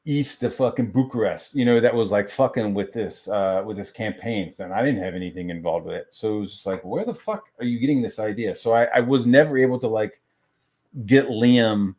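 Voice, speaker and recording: A man with a fairly low voice rants on a stream, heated and constantly swearing. He stumbles and restarts as he talks through a grievance, loose and unscripted. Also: a little fast, a little mellow. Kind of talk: profane casual rant on a stream.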